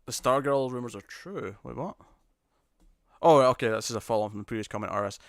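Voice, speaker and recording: A UK man hosting a live stream reads out viewer comments in a loose, rambling style, talking fast in a mid-range voice. He stammers, restarts sentences, and chuckles often, and the recording is dry and close.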